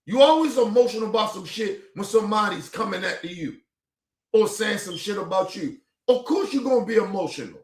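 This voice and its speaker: A man's voice: sits high, animated, brisk. A man hosting a stream, reacting to a clip in a heated, profane rant full of repetition. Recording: echoey room.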